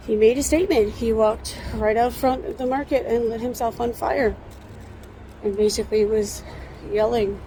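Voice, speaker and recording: A woman in her thirties casually vlogging while walking, talking in an earnest, rambling way with frequent pauses. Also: fairly high pitch, mellow, poor audio. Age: 30s. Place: outdoors on a city street with construction nearby. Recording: traffic and construction noise behind.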